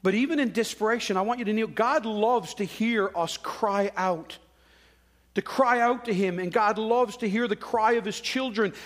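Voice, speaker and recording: A man's voice: high-pitched, moderate pace. A man preaching a sermon in a conversational way, acting out quoted voices. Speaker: pastor.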